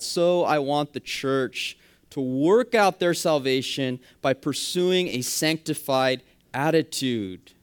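Emphatic preaching man, fairly high voice. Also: measured pace, clean tone. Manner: emphatic preaching with rising, punchy phrases and quiet drops. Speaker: pastor. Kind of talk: sermon.

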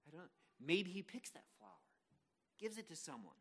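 A man delivers a sermon to his congregation in a casual, joking manner, often restarting his sentences. His pitch swings widely, and his tone is bright. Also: very animated, brisk, breathy edge. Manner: conversational, self-deprecating, frequent restarts. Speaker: pastor.

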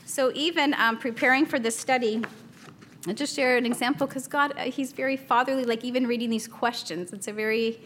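A woman's voice: fairly high pitch, fairly even intonation, a little fast, a bit bright, a little hiss or hum. A woman in her thirties teaching a Bible study in a chatty, casual way, laughing often and acting out a toddler's small voice.

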